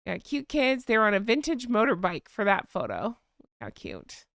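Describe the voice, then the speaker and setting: A woman's voice: medium pitch, huge pitch swings, normal speed, gravelly, no echo, clean studio sound. A woman hosting a casual live chat, gushing and effusive as she thanks viewers by name. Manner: thanks donors warmly by name. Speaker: live-stream host.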